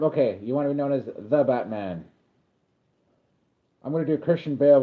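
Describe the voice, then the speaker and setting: A man livestreaming his casual, rambling reaction to a wrestling event, breaking into sudden excited calls of the action. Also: medium pitch, normal speed. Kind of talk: casual live reaction commentary. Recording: tinny phone-like lo-fi audio.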